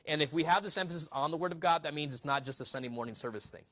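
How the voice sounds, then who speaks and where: A male pastor preaches in a loose, conversational way, reading scripture aloud and asking his congregation rhetorical questions. His voice sits a little higher than most men's. He talks the text through like a teacher rather than thundering. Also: rapid-fire, fairly bright tone. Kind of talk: sermon.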